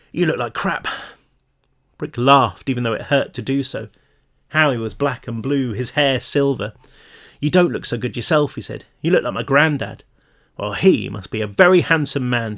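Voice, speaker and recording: A man, the author, reading his own novel aloud in a home-recorded read-through, emotional and rising in pitch at tense moments. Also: a bit bright. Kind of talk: audiobook-style reading.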